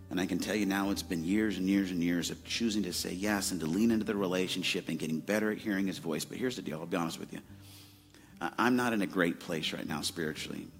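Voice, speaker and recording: A man's voice: sits low, vocal fry. A man in his forties from Arizona, preaching a sermon in a casual, conversational way with many fillers. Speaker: pastor.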